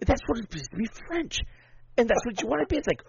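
A man's voice: extremely high pitch, very animated, fast talker, gravelly, lo-fi sound, background noise. A man in casual podcast chat, rambling and swearing freely with lots of enthusiasm.

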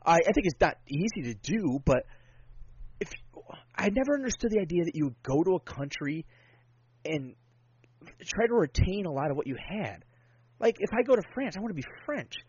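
A man's voice: sits high, big pitch swings, moderate pace, long pauses, darkish tone, husky, dull audio. A man in casual podcast chat, rambling and swearing freely with lots of enthusiasm.

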